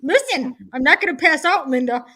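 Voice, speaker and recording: A tipsy woman on a video call, loud and giddy, swearing and making drawn-out declarations. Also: sits high, very animated, no echo. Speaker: panel guest. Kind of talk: rowdy casual video chat.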